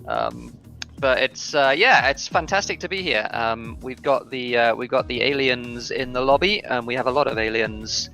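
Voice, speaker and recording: A male esports commentator with a gravelly edge and a sharp, bright tone. He calls a live online racing event haltingly, full of fillers and restarts. His pitch sits in the ordinary middle range. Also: big pitch swings, faint music behind.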